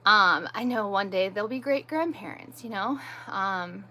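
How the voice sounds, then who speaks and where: A woman's voice: medium pitch, measured pace, pushed and bright. A woman hosting a casual livestream, venting emphatically and repeating herself, with frequent "like". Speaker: livestream host.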